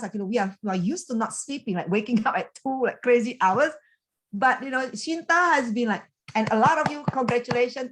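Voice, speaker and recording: A woman giving a motivational coaching talk over a video call, animated and chatty, full of fillers and quick laughs. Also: a little high, slight background noise. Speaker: business coach and team leader.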